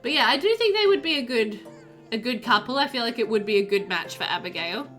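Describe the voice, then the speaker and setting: A woman's voice: fairly high pitch, animated, fast, fairly bright tone, soft background music. A woman game streamer chatting casually with her live chat while playing, giggly and talkative.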